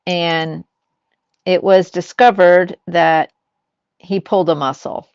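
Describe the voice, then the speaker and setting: Older woman, slow relaxed pace, lowish voice, dry dull lo-fi sound, casual storytelling chat. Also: vocal fry, clear, resonant tone, dry recording. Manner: storytelling, acts out quoted lines. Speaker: host.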